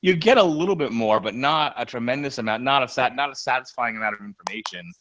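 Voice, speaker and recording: A man's voice: medium pitch, fast talker, a crowd in the background, poor audio. A man co-hosting a comics podcast, talking casually in a rambling way with many restarts. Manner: rambling, restarts often, animated. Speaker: podcast co-host.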